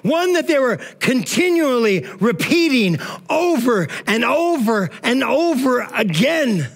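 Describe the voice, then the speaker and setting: High-voiced pastor preaching with energy. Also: male voice, takes it slowly, gravelly. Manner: energetic, informal, says "man" often. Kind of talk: sermon.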